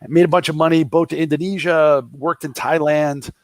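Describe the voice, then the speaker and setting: A man in his fifties from the Boston area, speaking in a Boston accent, guests on a casual interview as an entrepreneur, trading funny anecdotes and doing the voices of others. His voice sits on the high side, with a steady tone, moderate pace and no echo.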